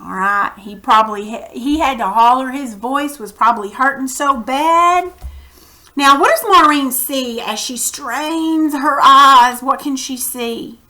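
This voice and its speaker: Her voice sits high and her pace is measured as she gives children a reading lesson. Using a computer mic, she stays animated and acts out the dialogue.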